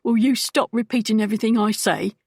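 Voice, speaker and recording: A woman reading an audiobook voices a rough-spoken male thug who sneers and threatens as he bosses the others around. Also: medium pitch, fairly even intonation, moderate pace, a little mellow, dry recording, clean studio sound. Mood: sneering.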